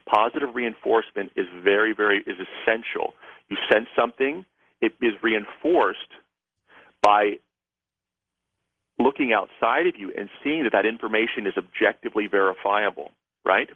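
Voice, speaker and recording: A man who is a guest on a radio show, explaining ideas in a measured, lecturing way and listing points. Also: fairly low pitch, breathy edge, no room sound. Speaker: psychic and author, radio guest. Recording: tinny phone line.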